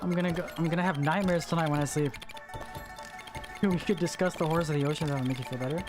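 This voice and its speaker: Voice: medium pitch, steady tone, a little fast. A live streamer chatting casually with viewers while gaming, groaning and pleading in a loose, slangy way with many repeats. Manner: squeamish, pleading and groaning at chat. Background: music.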